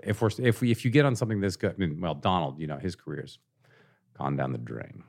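A man as a podcast guest in casual conversation, telling jokey, animated stories and acting out quoted lines. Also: deep voice, quick pace, creaky. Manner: animated storytelling, acts out quoted lines, joking.

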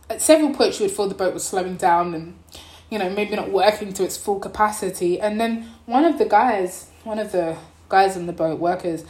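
Animated young woman telling a travel story. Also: medium pitch, echoey room. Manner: animated, acts out the people in her story. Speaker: vlogger. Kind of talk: casual storytelling vlog.

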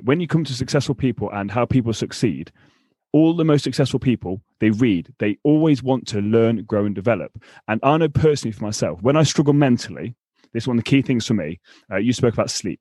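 A man's voice: lowish voice, a little mellow, no room sound. A British man hosting a podcast interview, casual and chatty, with frequent restarts and sarcastic asides. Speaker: podcast host and coach.

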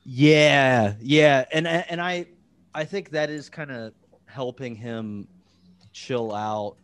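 A man's voice: mid-range voice, slow pace, clean tone. A man hosting a podcast in casual chat, rambling and profane, with lots of fillers. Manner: rambling, full of "like" and restarts, profane. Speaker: podcast host.

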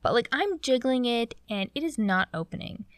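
A young woman from Canada telling a story in a chatty, animated way, with lots of "like". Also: fairly high pitch, moderate pace, no echo, studio quality. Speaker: vlogger. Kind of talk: casual storytelling.

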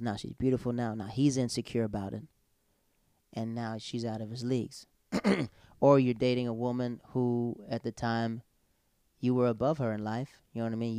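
Brief: lively male storyteller, smooth clear tone, close dry sound. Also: mid-range voice, no echo. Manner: animated storyteller, acts out quotes. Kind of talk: casual chat.

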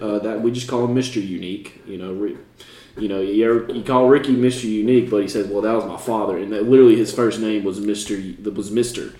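A man's voice: fairly low pitch, a little mellow, recorded from a distance, natural voice. A man playing a chatty rambling customer. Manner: rambling, meandering. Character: adult male farm customer, chatty. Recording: echoey room.

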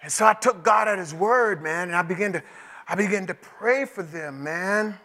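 A male pastor preaching a sermon in a conversational storytelling way that climbs to emotional shouts. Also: high-pitched, normal speed. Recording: echoey hall with long reverb.

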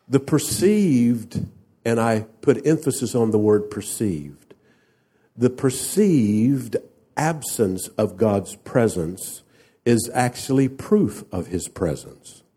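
A man's voice: mid-range voice, unhurried, dark tone. A man preaching a sermon, speaking emphatically and asking the congregation rhetorical questions. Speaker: pastor.

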